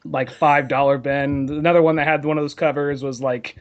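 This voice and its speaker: A man with a fairly high, flat-pitched voice talks briskly as a co-host on a casual podcast. He rambles with lots of fillers, restarting sentences, letting thoughts trail off and losing his train of thought. The sound is lo-fi.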